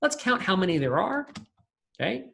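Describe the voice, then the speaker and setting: A man's voice: sits high, very animated, normal speed, vocal fry, sharp tone. A man teaching a recorded programming class, talking casually and thinking aloud with fillers and restarts. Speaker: lecturer. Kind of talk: recorded coding lecture.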